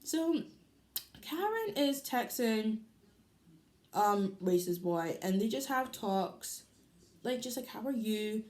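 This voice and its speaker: Teen girl vlogger, loud and animated, casual storytime chat. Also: fairly high pitch, slow pace, long pauses. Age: teens.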